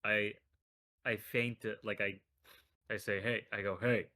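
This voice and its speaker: Low-voiced casual player, bright tone. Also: male voice, flat delivery, measured pace. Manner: casual, reactive banter. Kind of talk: casual tabletop play.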